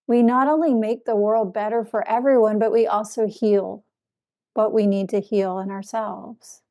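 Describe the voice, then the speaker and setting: A woman giving a dharma talk as a Zen teacher, speaking in a reflective way with soft laughs. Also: medium pitch.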